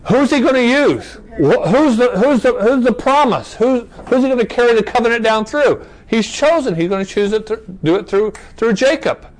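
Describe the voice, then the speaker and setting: A man's voice: extremely high pitch, lively intonation, moderate pace, hardly any pauses, rough recording. A man teaching a Bible study class in a conversational way, asking rhetorical questions, checking in with "okay?", and restarting phrases as he reads verses aloud.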